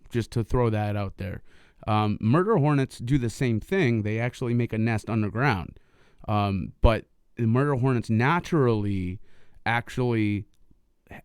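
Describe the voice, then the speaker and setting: A man's voice: lowish voice, clean tone, no room sound, clean studio sound. A man co-hosting a casual podcast, rambling with lots of ums and uhs. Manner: rambling, filler-heavy, laughs easily. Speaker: podcast co-host.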